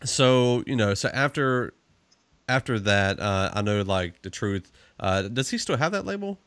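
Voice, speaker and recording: A man hosting a casual interview, reflecting in a relaxed way and often restarting his sentences. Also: medium pitch, measured pace, clean tone, no room sound. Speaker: interview host.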